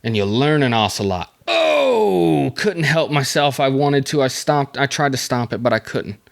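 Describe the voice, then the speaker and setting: A man's voice: medium pitch, moderate pace. A man hosting a casual solo podcast, rambling through the topic with jokey asides and self-mocking comments. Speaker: podcast host.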